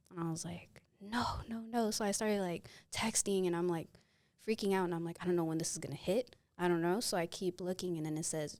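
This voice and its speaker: Woman, twenties, lowish voice, animated storyteller, dry close mic. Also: dry recording. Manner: animated, acts out the people in her stories. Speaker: podcast guest. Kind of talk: casual storytelling.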